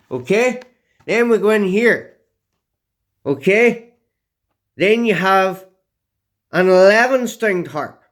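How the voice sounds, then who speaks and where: A man's voice: sits high, a bit bright. A man explaining documents to his viewers, stopping often to check with "okay?" and "yeah?". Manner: punctuates points with repeated "okay?" and "yeah?"; emphatic, drawn-out delivery.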